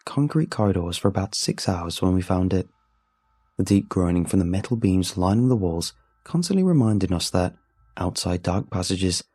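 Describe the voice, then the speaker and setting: A man narrating a first-person horror story in a steady, measured way. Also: low-pitched, breathy edge.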